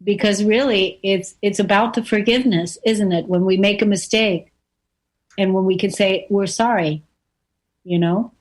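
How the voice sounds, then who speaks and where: A woman hosting a talk show, earnest and rambling. She circles back on her phrases and fills the gaps with "you know" and "like". Her pitch sits in the middle range. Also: steady tone, moderate pace. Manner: earnest, rambling, repeats phrases, many fillers. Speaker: radio talk show host. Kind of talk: casual conversation.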